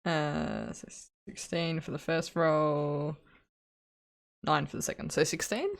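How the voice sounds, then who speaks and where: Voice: mid-range voice, slow pace, creaky. A player in a tabletop game, eager and chatty.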